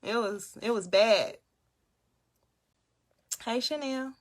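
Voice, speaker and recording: Speaking slowly in a fairly high voice, a young motivational livestream host chats casually from her room at home and reads her viewers' comments aloud.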